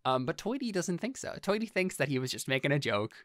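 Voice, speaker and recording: A man's voice: a little high, very animated, fast, fairly bright tone, no room sound, clean studio sound. A man narrating as game master for a tabletop game, in a casual way with lots of fillers.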